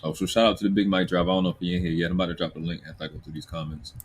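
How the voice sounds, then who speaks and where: A man's voice: low voice, racing, breathy edge. A man with a Baltimore accent hosting a livestream, talking bluntly and profanely while reading chat comments. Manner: profane, blunt, animated ranting. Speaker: livestream host.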